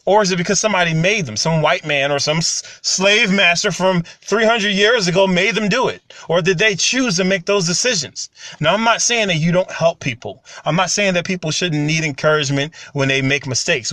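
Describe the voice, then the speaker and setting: A man, talking casually and getting animated when he tells stories. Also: a little high, brisk, no echo. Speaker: commentary channel host. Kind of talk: casual monologue to camera.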